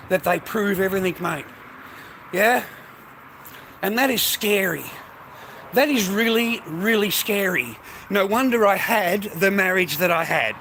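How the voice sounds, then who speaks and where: A man's voice: high-pitched, a bit bright, a little hiss or hum, low-quality recording. A middle-aged Australian man in an aggressive, profane ranting monologue, swearing and repeating himself. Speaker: vlogger.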